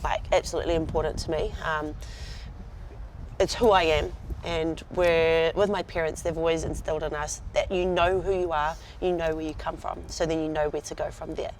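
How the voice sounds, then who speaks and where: A woman's voice: low voice, steady tone, moderate pace. A woman in her thirties with a New Zealand accent, chatting as an interview guest and sounding proud and laughing easily. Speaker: rugby player guest. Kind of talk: relaxed interview chat. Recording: faint background noise.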